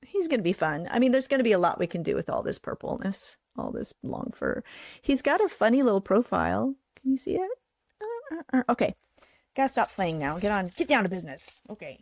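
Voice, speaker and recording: A woman's voice: mid-range voice, big pitch swings, quick pace, gravelly, darkish tone, no room sound. A woman hosting a livestream in which she builds a puppet. She talks casually and thinks aloud, and her sentences often trail off into murmurs. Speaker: puppet builder and show host. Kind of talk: craft livestream demonstration.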